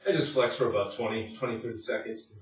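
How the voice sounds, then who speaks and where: Man, home fitness instructor, winded mid-set, recorded on a distant camera mic in a boomy room. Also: steady tone, quick pace. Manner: breathless, puffing between sets, many fillers. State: out of breath. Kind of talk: casual workout demonstration. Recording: very echoey room, distant mic, dull sound.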